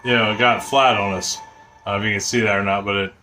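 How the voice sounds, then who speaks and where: A man's voice: fairly low pitch, fairly even intonation, quick pace, bright, forceful tone, soft background music. A man hosting a casual home cooking video in his kitchen, chatty and rambling, often restarting his sentences. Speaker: home cooking channel host.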